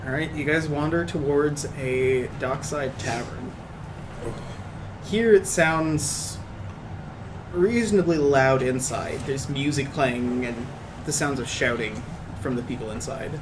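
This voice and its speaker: A man narrating a tabletop game as game master, relaxed and rambling, with casual asides. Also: medium pitch, slow, background noise.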